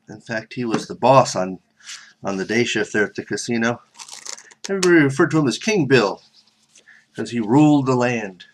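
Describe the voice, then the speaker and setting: A man's voice: medium pitch, slight background noise. A man telling a casual spoken story with rambling, self-correcting asides.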